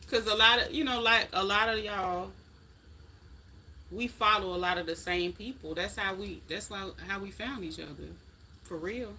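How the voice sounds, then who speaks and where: A woman's voice: mid-range voice, moderate pace, sharp tone, a little hiss or hum. A middle-aged woman hosting a casual live stream, chatting in a folksy way straight to her viewers. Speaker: livestream host chatting with viewers.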